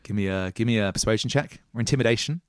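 A man running a tabletop role-playing game, unfolding the story in a measured way with casual asides. His voice sits low and sounds smooth and resonant. The recording is close and dry on a podcast mic. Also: dry recording. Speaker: game master.

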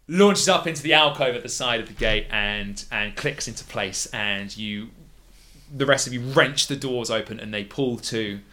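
Halting man narrating a fantasy game. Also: medium pitch, sharp tone, a little hiss or hum. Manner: descriptive, halting with fillers. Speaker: game master. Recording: music playing behind.

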